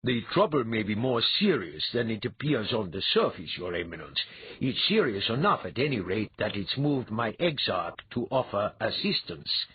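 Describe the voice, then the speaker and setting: A man voicing a shrewd, grave male priest envoy, measured and wry. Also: lowish voice, sing-song, slightly rough, no echo, narrow, tinny audio, full character voice. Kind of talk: audiobook character voice.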